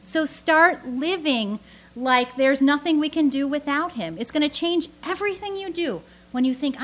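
A woman giving a lively, conversational sermon to a church audience, full of rhetorical questions and asides. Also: high-pitched, moderate pace. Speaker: speaker teaching a church audience.

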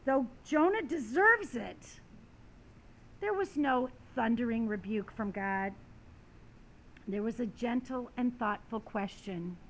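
A woman's voice: a little high, expressive, slow, a little hiss or hum. A woman preaching a sermon, reading scripture and stories with dramatic rising and falling emphasis.

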